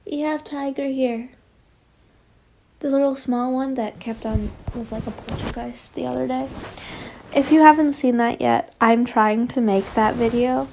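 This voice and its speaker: A woman's voice: on the high side, a little slow, background noise. A young woman reading fanfiction aloud, wandering into rambling, self-deprecating asides and apologies. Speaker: fanfiction reader.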